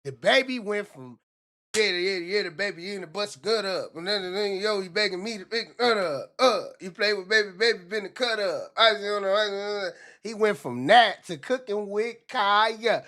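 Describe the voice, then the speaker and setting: Loud, excitable man ranting on a livestream. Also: high-pitched, moderate pace. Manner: animated, repetitive, slips into mock voices. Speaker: livestream commentator. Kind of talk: loose livestream rant.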